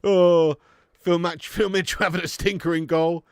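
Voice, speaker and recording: A man's voice: on the high side, fairly even intonation, normal speed, clear, resonant tone, no echo, studio quality. A young man hosting a live football watch-along, swearing and bantering with his chat. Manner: sweary banter, bursts into shouting commentary on goals.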